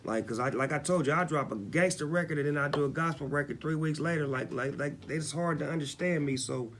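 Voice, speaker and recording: In an interview with background noise, a man in his forties who raps talks candidly, his voice a little high and his pace brisk. He's relaxed and reflective, frequently adding "you know what I'm saying".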